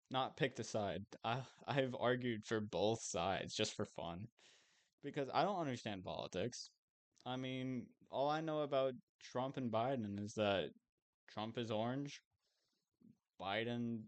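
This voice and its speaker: A young man chatting casually while streaming a game, rambling and self-amused, swearing now and then. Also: lowish voice.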